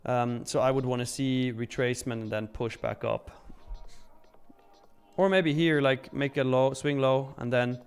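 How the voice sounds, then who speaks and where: A man's voice: mid-range voice, clean tone. A man hosting a live trading stream, talking casually and joking as he reads out chat messages.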